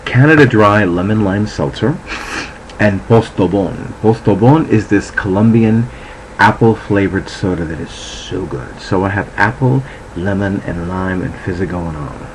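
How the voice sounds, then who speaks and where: A man's voice: sits low, a little slow, slight background noise, rough recording. A man from New Jersey chatting casually to camera at home, meandering and swearing freely. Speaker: vlogger, psychic. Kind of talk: casual rambling chat to camera. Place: at home, indoors.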